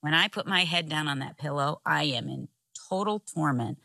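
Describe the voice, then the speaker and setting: Low-voiced, animated storytelling woman. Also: normal speed, gravelly, hardly any pauses, no echo. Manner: animated storyteller, laughs often. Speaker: podcast co-host, pastor's wife. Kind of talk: casual chat, storytelling.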